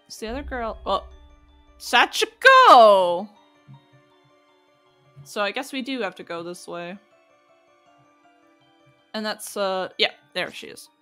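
A woman's voice: medium pitch, moderate pace, long pauses, sharp tone, soft background music. A woman streaming a game live, chatting and reacting aloud as she plays.

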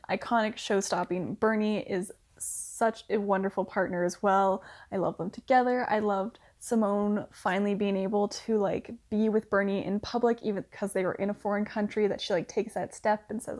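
A woman's voice: medium pitch, darkish tone. Young woman chatting about a tv show, says like a lot, laughs here and there. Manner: chatty, filler-heavy with frequent "like", laughing asides. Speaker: book reviewer. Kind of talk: casual review chat.

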